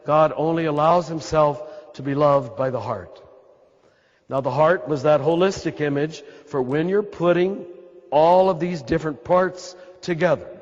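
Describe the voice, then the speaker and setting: A man's voice: a little high, a little slow, big-room sound, muffled recording. A man with an American accent, a Catholic priest giving a spiritual talk to a live audience in a throaty voice. He is emphatic and repeats his points, speaking straight to his listeners. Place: large hall with an audience.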